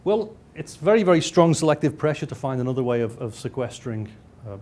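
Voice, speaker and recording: A man of middle pitch lectures over slides, stumbling and restarting often. He drops in dry, self-mocking jokes, and a faint hiss runs underneath. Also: sing-song, fast talker, a little mellow. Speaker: lecturer and researcher.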